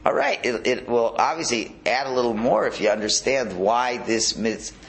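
A man teaching a Hasidic Torah class, animated and prone to repeating words and restarting his phrases. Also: medium pitch, moderate pace, a little hiss or hum. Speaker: religious teacher.

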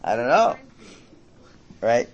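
Middle-aged guy teaching a text class, chatty and jokey, lots of restarts, average pitch. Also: sing-song, takes it slowly, lo-fi sound, slight background noise. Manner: conversational and jokey, many restarts. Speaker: religious teacher. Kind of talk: class translating a Hebrew text.

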